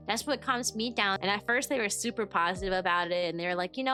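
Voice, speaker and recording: A young woman telling a story in a casual, chatty way, animated and full of "like" fillers. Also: medium pitch, fast, few pauses, faint music behind. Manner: chatty, animated, heavy use of "like". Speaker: VTuber and kindergarten teacher.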